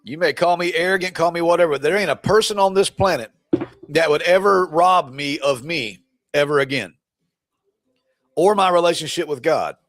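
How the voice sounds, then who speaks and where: On a live stream, a man who coaches people through divorce delivers a blunt, preachy, energized pep talk and needles his audience. He speaks at a moderate pace in a slightly high, fairly bright voice with no echo.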